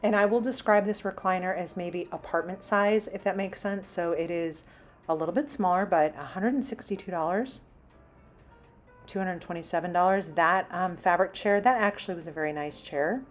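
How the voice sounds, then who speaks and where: Woman, low-pitched, casual shopping vlog, chatty price rundown, faint store music behind. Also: moderate pace. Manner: chatty, lists prices while browsing. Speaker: shopping vlogger. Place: inside a large home improvement store.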